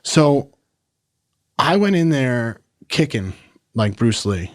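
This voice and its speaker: A man in his thirties from New York, a podcast guest telling his story in a blunt, profane, animated way, full of "like" and "bro". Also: mid-range voice, slow, no echo, studio quality. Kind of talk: casual storytelling.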